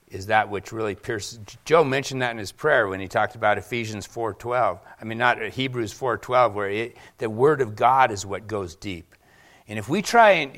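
A man preaching a sermon to his congregation, animated, asking rhetorical questions and acting out quotes. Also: medium pitch. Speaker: pastor.

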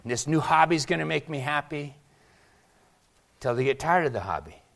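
A man preaching a sermon to his congregation, animated, asking rhetorical questions and acting out quotes. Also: a little high, normal speed, vocal fry. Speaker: pastor.

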